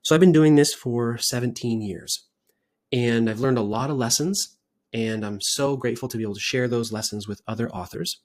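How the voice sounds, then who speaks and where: A man speaks straight to camera in an earnest, persuasive sales pitch, leaning on repetition to drive each promise home. His voice sits at an ordinary middle pitch. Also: moderate pace, a little mellow. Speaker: founder pitching a book service.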